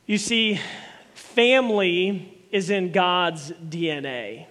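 A man preaching a sermon as a pastor, animated, with emphatic repetition and voiced quotes. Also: high-pitched, slow pace, big-room sound.

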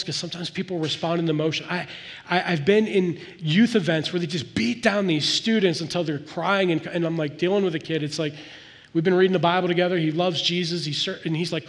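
Man, pastor, earnest conversational sermon, fairly high voice, long hall reverb. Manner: earnest, conversational preaching, dropping to soft intensity.

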